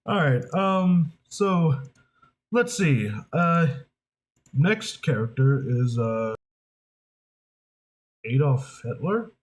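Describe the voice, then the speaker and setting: A man's voice: fairly high pitch, expressive, extremely slow, long pauses. A young male voice actor chatting casually in a rambling, hesitant way, full of fillers. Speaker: voice actor, video creator. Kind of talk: casual chat.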